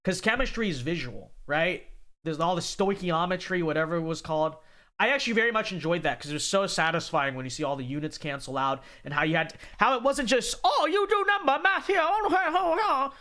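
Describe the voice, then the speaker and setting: A man in his twenties chatting casually and sarcastically on a livestream while reading donations aloud. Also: high voice. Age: 20s. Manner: animated, sarcastic, rambling, keeps saying okay.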